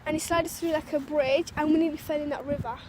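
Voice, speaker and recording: A woman's voice: high voice, steady tone, quick pace, crowd noise. A woman vlogging casually from a park into a handheld phone, chatty and rambling with lots of fillers. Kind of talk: casual vlog chat. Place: outdoors in a park.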